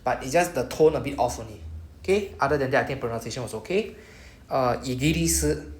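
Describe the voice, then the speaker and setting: Low-voiced Singaporean teacher drilling pronunciation. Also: female voice. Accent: Singaporean English. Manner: patient, repeats words slowly for students. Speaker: Japanese teacher. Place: classroom. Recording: echoey classroom with faint noise.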